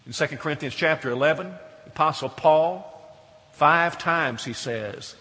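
A man preaching in an earnest, emphatic way, turning to his listeners with questions. His voice is fairly high and very bright. It carries a long reverb, as if it fills a big hall. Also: measured pace. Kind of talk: sermon.

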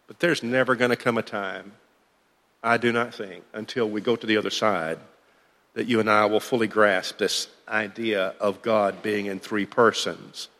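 A man's voice: fairly low pitch, bright, forceful tone, in a large hall. A man teaching a church Bible class in a conversational, thinking-aloud way.

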